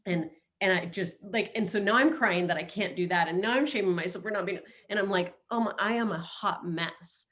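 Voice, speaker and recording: A woman's voice: mid-range voice, brisk, few pauses, a bit bright. A middle-aged woman hosting a webinar, coaching in a casual, playful way and slipping into quoted self-talk, speaking over a video call.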